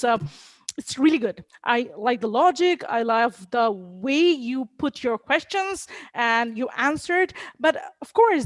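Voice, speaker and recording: Woman debate judge, high voice, warm and encouraging, lots of fillers, video call. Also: dry recording.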